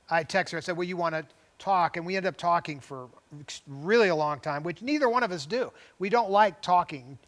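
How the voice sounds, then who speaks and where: An older man with a high-pitched voice spins a long story in easy conversation. He wanders into tangents, restarts his sentences and chuckles along the way as a talk-show co-host. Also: fairly bright tone. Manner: rambling, goes off on tangents with frequent restarts; chuckles between phrases. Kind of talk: casual storytelling chat.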